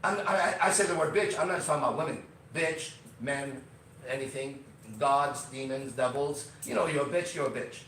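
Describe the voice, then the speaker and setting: A man hosting a podcast, delivering a brash, swaggering, profane rant that swings from loud outbursts to low asides. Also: moderate pace, recorded from a distance, a little hiss or hum. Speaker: podcast host. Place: Las Vegas. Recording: very echoey room, voice from off mic.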